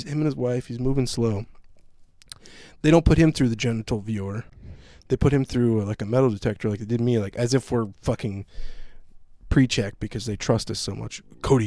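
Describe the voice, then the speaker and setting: A man's voice: medium pitch, moderate pace, dry recording. Profane ranting man, dry sound. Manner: profane, animated storytelling rant. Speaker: podcast host. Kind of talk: casual chat.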